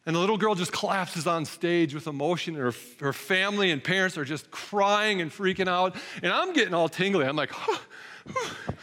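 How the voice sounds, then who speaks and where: A man in his thirties preaching in a bright, fairly high voice. He tells stories casually and acts out what he said. The sound carries a long reverb, as in a church sanctuary. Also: brisk, few pauses. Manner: conversational storytelling, acts out his own lines. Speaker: pastor. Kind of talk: sermon.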